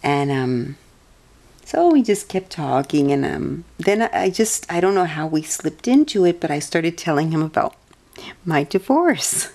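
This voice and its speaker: A soft-spoken woman with a fairly low voice, telling a long personal story to her audience. She meanders, corrects herself mid-sentence and laughs often as she goes. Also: big pitch swings, unhurried. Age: adult. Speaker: vlogger.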